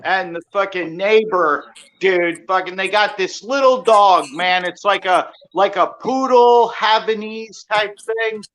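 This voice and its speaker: A man on a casual call, telling a heated story in profane, worked-up bursts with loud shouted quotes. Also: high-pitched, measured pace. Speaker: call-in guest.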